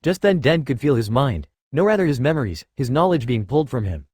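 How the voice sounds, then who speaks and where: A man narrating a fan-written story aloud in a steady, even way. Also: mid-range voice, a little fast, breathy edge, no echo, studio quality. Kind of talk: reading fan fiction aloud.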